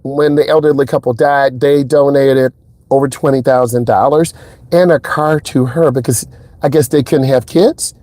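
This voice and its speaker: A man talking casually as a driving instructor inside a car, telling stories in a lively way and acting out what people said. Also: normal speed, no echo. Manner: animated storyteller, acts out quotes in a higher voice. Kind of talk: casual vlog talk.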